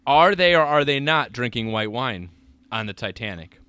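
A playful man chatting on a podcast, with a bright, forceful tone. He argues odd tangents and laughs often, his pitch swinging widely. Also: expressive, moderate pace, clear, resonant tone, no echo. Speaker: podcast co-host. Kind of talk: casual chat.

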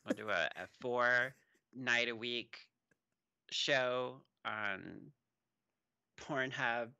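Man, very bright gravelly voice, lively pitch, casual swearing chat. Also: extremely slow, no room sound. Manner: animated, swearing movie recap. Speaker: podcast co-host.

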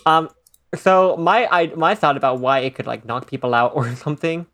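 A man's voice: a little high, normal speed, a bit bright. A man co-hosting a podcast, chatting casually in an easygoing, hesitant way with many "um" fillers. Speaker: podcast co-host. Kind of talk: casual chat recapping an anime.

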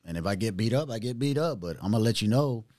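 A man sharing his own testimony in casual chat, animated, using street slang and acting out other people's voices. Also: fairly low pitch, fast, no room sound, clean studio sound.

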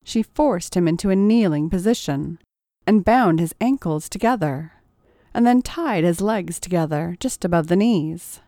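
Slow, expressive woman narrating a story. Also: lowish voice, no room sound, studio quality. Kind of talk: audiobook narration.

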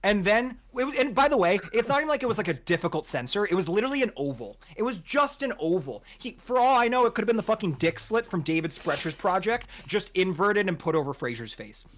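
A man's voice: high voice, fast, few pauses. A young man telling a story on a podcast with friends, exasperated and swearing, acting out what people said. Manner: animated, exasperated, swears a lot, acts out quotes. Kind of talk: casual storytelling chat.

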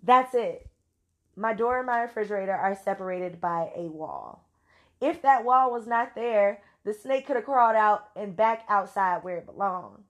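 A woman's voice: medium pitch, normal speed. A woman from Louisiana with a Louisiana accent, telling a story casually and with salty language while acting out her own quotes. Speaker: vlogger.

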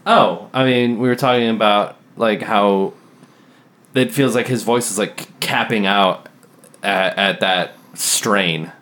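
Deep-voiced man rambling with fillers. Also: slow, fairly bright tone. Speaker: podcast co-host. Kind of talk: casual music discussion.

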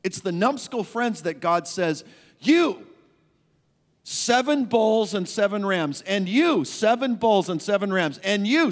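Slow-speaking male pastor in a reverberant hall. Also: high voice. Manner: conversational, emphatic preaching with repeated phrases. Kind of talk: sermon. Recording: long reverb of a large hall.

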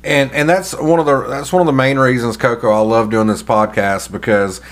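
A man's voice: mid-range voice, fairly even intonation, normal speed. A male podcast host with a mid-range voice leads a casual interview. He is effusive and repeats his phrasing as he sets up questions.

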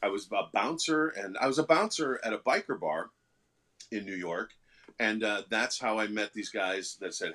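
A middle-aged man with a low, deep-set voice tells rambling, self-deprecating stories as an interview guest. He is loose and chatty, with plenty of fillers and restarts. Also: expressive, normal speed, sharp tone. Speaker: actor and guest. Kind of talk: casual interview storytelling.

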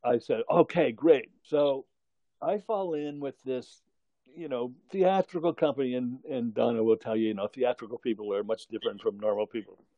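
A man's voice: mid-range voice, moderate pace, warm tone, no echo, highs cut off. An older man telling a long story in casual conversation, rambling, chuckling and correcting himself as he goes.

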